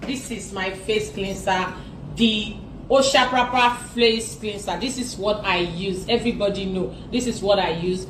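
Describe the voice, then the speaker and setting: A woman giving an earnest, repetitive product pitch as a skincare seller. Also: unhurried, fairly bright tone, distant mic. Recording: echoey room with faint noise.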